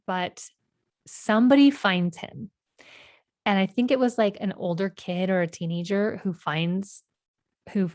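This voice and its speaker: A woman's voice: mid-range voice, no echo. A woman in her thirties hosting a podcast, telling a personal story in a casual, emotional way with many fillers. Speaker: podcast host.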